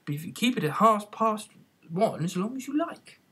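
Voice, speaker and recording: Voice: medium pitch, very animated, moderate pace, a bit bright, slightly rough, voice pushed up, full character voice. A reader voicing the Hatter, a rude, quarrelsome man who grumbles and talks down to others, in an amateur audiobook. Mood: grumbling. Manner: grumbling and contemptuous.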